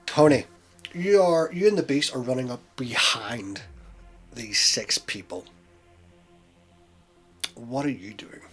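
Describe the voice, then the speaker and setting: Man storyteller, mid-pitch, descriptive game narration. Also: takes it slowly, pauses often, fairly bright tone, faint music behind. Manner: descriptive, questioning players.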